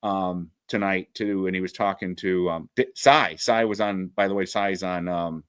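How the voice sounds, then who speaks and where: A man co-hosting a sports podcast, talking casually with halting restarts and laughing through his points. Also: low-pitched, steady tone, clear, resonant tone, no room sound. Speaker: podcast co-host.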